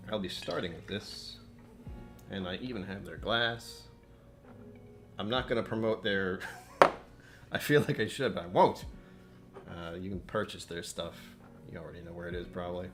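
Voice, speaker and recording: A man's voice: low-pitched, fairly bright tone. Chatty man hosting a livestream. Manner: chatty, mutters to himself while fixing settings. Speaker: livestream host. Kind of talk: casual livestream chat. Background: faint background music.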